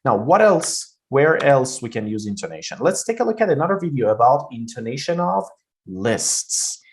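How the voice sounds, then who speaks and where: A man's voice: mid-range voice, very animated, normal speed, a little hiss or hum. A man with a Vietnamese accent teaching pronunciation for an exam, explaining loosely with many fillers. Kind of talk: spoken exam-prep lesson.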